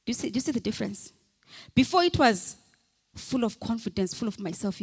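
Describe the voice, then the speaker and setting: A woman's voice: on the high side, animated, a little fast, slightly rough. A woman pastor preaching a fervent sermon, calling out repeated hallelujahs and leading the congregation in declarations. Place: church hall. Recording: long hall reverb from a church.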